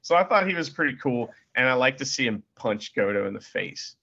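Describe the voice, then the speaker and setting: A man's voice: medium pitch, lively intonation, fairly quick, vocal fry, pushed and bright, slightly rough, lo-fi sound. A man co-hosting a podcast, chatting about wrestling and laughing often. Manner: laughs often, swears casually. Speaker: podcast co-host. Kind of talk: casual wrestling recap chat.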